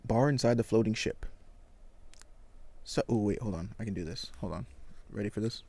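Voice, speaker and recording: A man reading a comic aloud and reacting with excited exclamations and casual slang. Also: on the low side, moderate pace, vocal fry, breathy edge.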